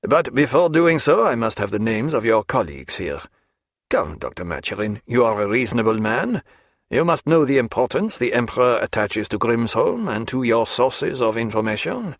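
A man voicing a stern middle-aged army major who questions a prisoner in a cold, formal, measured way. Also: medium pitch, very animated, no room sound, clean studio sound.

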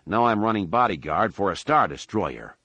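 A man's voice: medium pitch, big pitch swings, brisk, no room sound, lo-fi sound, pitched above the performer's own voice, lightly acted. Han Solo, a man doing a sarcastic starship captain. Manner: sarcastic mutter.

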